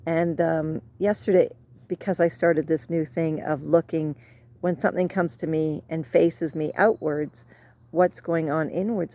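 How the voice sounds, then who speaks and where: Middle-aged woman, low mellow voice, rambling reflective vlog chat recorded outdoors. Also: fairly even intonation, a little slow. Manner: rambling, soft and reflective, drifts off topic. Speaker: vlogger. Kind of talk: casual personal reflection.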